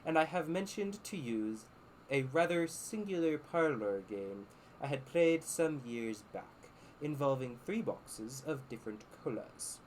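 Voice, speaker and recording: A man's voice: fairly high pitch, expressive, measured pace, slight background noise, low-quality recording. A man reading as a posh genteel letter writer. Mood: formal.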